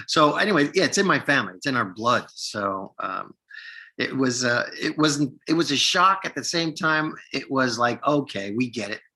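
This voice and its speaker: A man in his sixties from upstate New York, an actor telling lively stories from his career in a casual interview, acting out the lines of people he quotes. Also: mid-range voice. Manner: animated storyteller, acts out quoted lines, many restarts. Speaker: actor guest.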